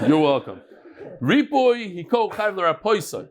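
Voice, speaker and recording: Animated man teaching Talmud. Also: on the high side, moderate pace, a crowd in the background. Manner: lively storytelling with jokes and Yiddish words. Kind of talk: daily Talmud lecture.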